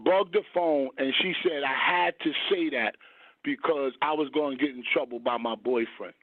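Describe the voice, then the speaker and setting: A man's voice: medium pitch, normal speed, no room sound. A man hosting a radio talk show, telling a long personal story in a rambling way and stopping to search for words. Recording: dry phone-like radio audio.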